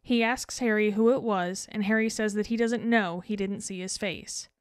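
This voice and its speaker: Clear-voiced woman summarizing a film scene. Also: mid-range voice, fairly even intonation, normal speed, no room sound. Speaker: podcast co-host.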